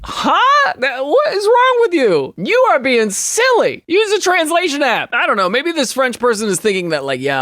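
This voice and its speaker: Sarcastic male host, high and expressive, reading posts for comedy, dry close recording. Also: dry recording. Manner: animated, sarcastic, jumps between high and low voices. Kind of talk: comedic commentary.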